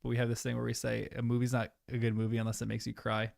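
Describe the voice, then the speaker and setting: A man's voice: medium pitch, monotone, racing, creaky, dry recording, clean studio sound. A young man chatting casually and emotionally as he reacts to a movie with his viewers. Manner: emotional, chatty, trails off into soft asides. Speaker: streamer watching a movie with chat. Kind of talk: casual live commentary.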